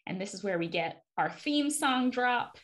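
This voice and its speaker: A woman co-hosting a podcast, chatting casually as she recaps a TV episode, relaxed and full of fillers. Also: a little high, measured pace. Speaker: podcast co-host.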